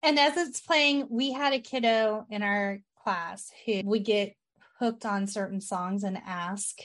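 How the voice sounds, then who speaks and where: A woman's voice: medium pitch, measured pace, fairly bright tone. Storytelling woman podcast host. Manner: storytelling, acts out quotes. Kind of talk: casual chat, recapping a film.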